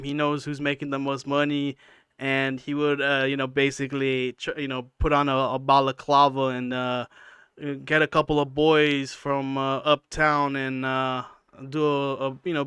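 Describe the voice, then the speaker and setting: A man's voice: mid-range voice, fairly bright tone, clean tone, no echo, studio quality. A man hosting a channel, talking over clips in a hesitant way with many fillers. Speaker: channel host.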